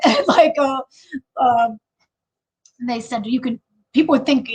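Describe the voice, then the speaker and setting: On a roughly recorded livestream, a high-pitched woman with a Chicago accent hosts a casual chat at moderate speed. Frequent laughter, restarts, and plenty of fillers mark her talk.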